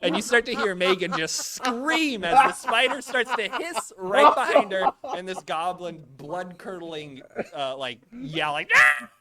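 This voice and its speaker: A young man running a live tabletop game as dungeon master, narrating with animated storytelling. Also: high-pitched, a little slow, hardly any pauses, over a noisy crowd. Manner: animated storytelling with sudden loud character outbursts.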